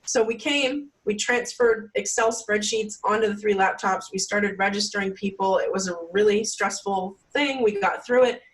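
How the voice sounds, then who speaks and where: A woman's voice: medium pitch, moderate pace, few pauses. Chatty woman telling a story, mic distant. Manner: chatty, many "like" fillers, acts out quotes. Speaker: podcast guest. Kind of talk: casual storytelling interview.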